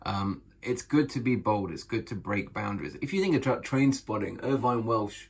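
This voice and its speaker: Gravelly low-voiced man talking writing. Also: expressive, normal speed. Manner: enthusiastic, emphatic, repeats phrases. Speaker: author and vlogger. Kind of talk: casual talk to camera about writing.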